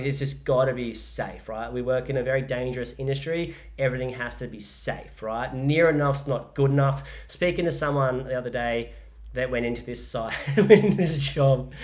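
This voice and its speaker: An Australian man in his forties hosting a casual solo podcast, telling stories in a rambling, jokey way with lots of fillers. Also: medium pitch. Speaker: podcast host and business coach.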